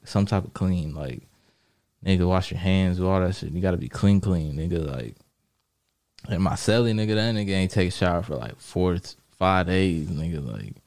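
A man casually telling stories from prison in a relaxed, profane way, laughing often and filling his talk with "like" and "you know what I mean". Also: sits low, moderate pace, no echo, studio quality. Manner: laid-back, profane, laughs often, many fillers. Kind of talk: casual storytelling chat.

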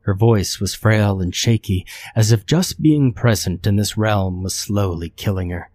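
A man reads a horror story aloud in a steady, measured way. His voice sits fairly low, and the delivery is scripted narration. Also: no echo.

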